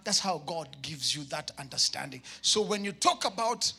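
Bright-voiced Kenyan pastor preaching emphatically. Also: male voice, on the high side, lively intonation, normal speed, gravelly, husky, faint music behind. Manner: emphatic preaching with shouted peaks and comic asides. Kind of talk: sermon. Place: church.

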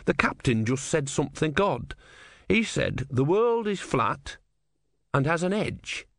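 A man's voice: a little high, very animated, unhurried, vocal fry, fairly bright tone, dry recording, studio quality, pitched above the performer's own voice, heavily acted. A man voicing a timid, honest young novice monk in an audiobook, speaking earnestly and a little hesitantly. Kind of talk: audiobook character voice.

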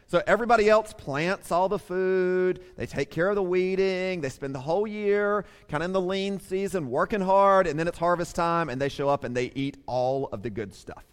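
Man, pastor, sermon, lively storytelling, talks to kids, echo of a big sanctuary. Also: high voice. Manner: animated storytelling, addresses children directly. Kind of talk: sermon to a congregation with children. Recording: long reverb of a large hall.

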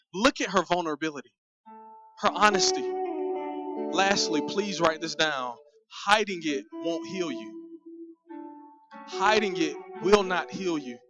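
A pastor with a high voice preaches an animated, conversational sermon in a church sanctuary, speaking straight to the congregation. He does comic voices for the characters in his stories. The audio is dull and muffled, with faint music underneath.

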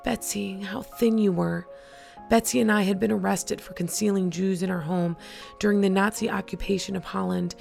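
A woman's voice: medium pitch, steady tone, normal speed, vocal fry, a little mellow, soft background music. A woman podcast host reading a first-person story aloud and then reflecting on it earnestly.

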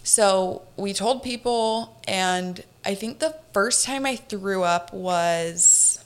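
A woman in her twenties, a podcast guest, telling a personal story in an animated, chatty way, with lots of "like". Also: mid-range voice, slow, clear, resonant tone. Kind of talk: casual storytelling interview.

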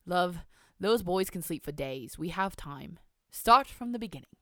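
Woman's put-on posh British accent, young man, tender, slow, soft, dry close sound. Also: on the low side, animated, dry recording. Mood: coaxing.

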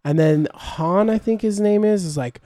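Slightly high-voiced joking man. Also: moderate pace, dark tone, dry recording, studio quality. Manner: hesitant, lots of fillers, joking. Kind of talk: casual chat.

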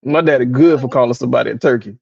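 A man's voice: medium pitch, very fast, vocal fry, husky, no room sound, highs cut off. A man co-hosting a casual podcast chat, telling stories animatedly, doing impressions of his relatives and laughing often. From American South. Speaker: podcast co-host.

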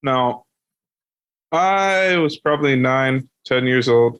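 Brief: young adult male podcast host, animated storyteller who swears freely, middle pitch. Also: slow pace, clean tone, muffled recording. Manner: animated, heavy swearing, laughing through his story. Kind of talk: casual storytelling.

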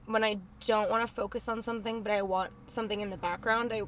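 A woman's voice: medium pitch, steady tone, quick pace, fairly bright tone, a little hiss or hum. A young woman co-hosting a casual podcast, bubbly and rambling, often laughing as she talks. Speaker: podcast co-host. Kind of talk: casual chat.

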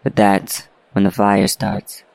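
A man's voice: fairly low pitch, monotone, slow pace, creaky, a little mellow, dry recording, poor audio. A man reading a story aloud, voicing a weary, cynical middle-aged police chief with a blunt, lecturing manner.

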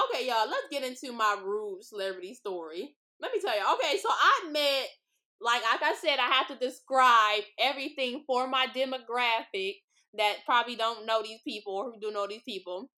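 Young woman, podcast host, from Los Angeles, bright and crisp, fairly high voice, chatty and profane, casual storytelling. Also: moderate pace. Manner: chatty, blunt and profane, with lots of "like" and "y'all". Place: street-side spot with passing cars.

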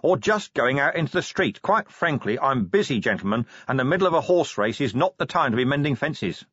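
Brief: a man as a middle-aged watch commander for an audiobook, curt and barely contained, husky and dry. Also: medium pitch, big pitch swings, fairly quick, a bit bright, no room sound, highs cut off, pitched above the performer's own voice. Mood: angry. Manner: curt, sarcastic, barely holding his temper.

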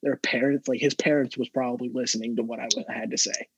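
Husky young man telling stories. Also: medium pitch, fairly even intonation, quick pace, no room sound, rough recording. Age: young adult. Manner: rambling, repeats words, heavy swearing. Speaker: podcast co-host. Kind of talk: casual storytelling chat.

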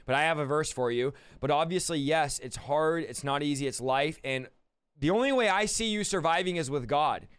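Male host, higher pitch, smooth and clear, dry close mic, earnest reassuring advice on a faith call-in. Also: no echo. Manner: reassuring, earnest, retells scripture stories. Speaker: host answering callers.

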